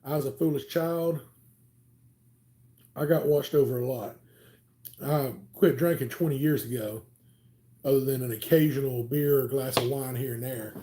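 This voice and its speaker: Mellow Southern man telling stories. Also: medium pitch, fairly even intonation, moderate pace, pauses often. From Alabama, US. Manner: rambling, chatty, many "um"s. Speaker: channel host. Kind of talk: casual livestream storytelling.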